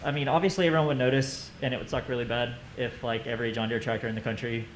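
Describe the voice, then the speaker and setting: A man's voice: mid-range voice, steady tone, racing. A man in the audience posing a hypothetical question to a conference panel. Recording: echoey room with faint hiss.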